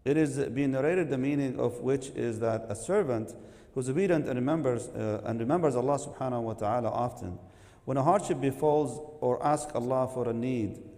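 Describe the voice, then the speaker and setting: A man telling an animated religious story to a gathering, laughing and acting out what people say. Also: mid-range voice, a little fast, long reverb tail. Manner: lively, laughing, acts out quotes.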